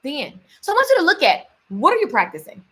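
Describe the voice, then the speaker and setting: A woman rants through an upbeat faith-based pep talk. Her voice sits high and swoops all over the place, bright and forceful, and she tosses in "baby" and "honey" as she goes. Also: huge pitch swings, quick pace. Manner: ranting, playful, calls listeners baby and honey. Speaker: faith-based lifestyle vlogger. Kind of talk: motivational faith talk to camera.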